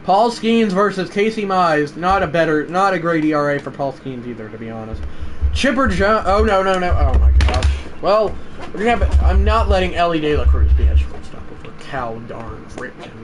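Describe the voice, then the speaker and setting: A young man streaming live gameplay commentary, swinging between loud outbursts and low muttering to his viewers. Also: expressive, normal speed, faint music behind. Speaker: livestreamer.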